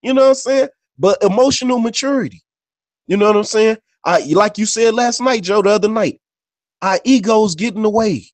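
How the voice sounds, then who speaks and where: A man with a somewhat high voice talks loosely on a podcast, spinning stories in street slang. He swears freely and leans on filler tags after nearly every phrase. The recording is dry and close, with no room sound. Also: moderate pace, dry recording. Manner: loose, conversational storyteller. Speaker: podcast co-host. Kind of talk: casual unscripted chat and storytelling.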